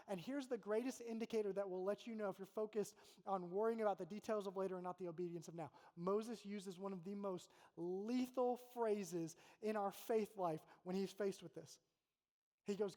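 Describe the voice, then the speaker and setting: A man's voice: sits high, normal speed, dark tone. A male college pastor preaching a sermon in a casual, conversational way, acting out quotes from God and Moses. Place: church auditorium. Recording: long hall reverb.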